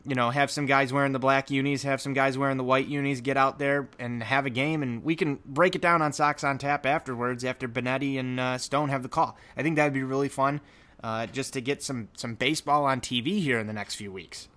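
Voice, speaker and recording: A man co-hosting a relaxed sports podcast, talking at an everyday pitch. He rambles in long stretches, full of fillers and restarts. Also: fairly quick. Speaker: podcast co-host. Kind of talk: casual sports podcast chat.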